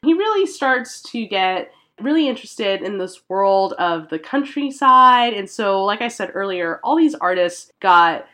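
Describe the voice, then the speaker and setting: A woman's voice: medium pitch, expressive, measured pace, hardly any pauses, bright, forceful tone. A woman hosting a podcast, telling history in a chatty storytelling way with lots of fillers. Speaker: podcast host. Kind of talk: casual art history chat.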